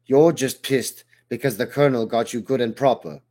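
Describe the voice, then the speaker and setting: A man's voice: medium pitch, moderate pace, warm tone, natural voice. A man doing a sneering, mouthy male trooper. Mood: mocking.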